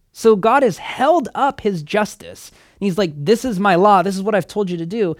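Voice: medium pitch, no echo, studio quality. A preacher giving a sermon in a conversational way, emphatic and asking the listeners direct questions. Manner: conversational, with casual fillers. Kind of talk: sermon teaching.

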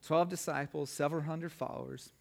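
This pastor's sermon in a church sanctuary comes in a fairly high, slightly mellow voice with vocal fry, brisk and fairly even in intonation. His emphatic delivery grows and fades in force, and the church hall adds long reverb.

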